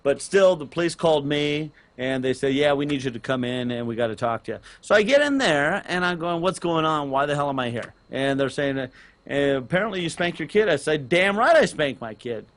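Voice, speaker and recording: A middle-aged man, telling a long personal story on a casual gaming podcast, rambling with restarts and getting loud on key points. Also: on the high side, a little fast. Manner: animated, rambling with restarts, rises loud on emphasis. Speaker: podcast co-host and parent.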